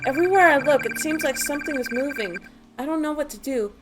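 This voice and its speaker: A woman's voice: high-pitched, animated, fast talker, very noisy. A woman voicing a frightened young man, the grieving twin brother of a hero, in an earnest, dramatic reading of game text. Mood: uneasy.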